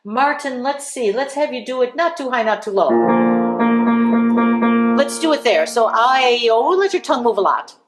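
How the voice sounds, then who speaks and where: A woman's voice: fairly high pitch, animated, moderate pace, echoey room, music in the background. A woman voice teacher coaching students through vowel exercises, encouraging them and singing examples. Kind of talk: live group voice lesson.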